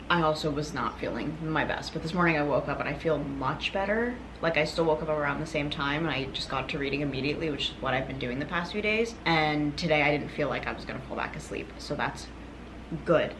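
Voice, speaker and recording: Chatty young woman with a low voice. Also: background noise. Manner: chatty, rambling, lots of fillers. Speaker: book vlogger. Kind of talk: casual vlog chat.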